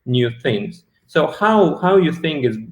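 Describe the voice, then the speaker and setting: A man hosting a casual interview, asking thoughtful questions at an unhurried pace, with pauses to search for words. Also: a little high, big pitch swings. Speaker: interview host and harpist. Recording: roomy echo.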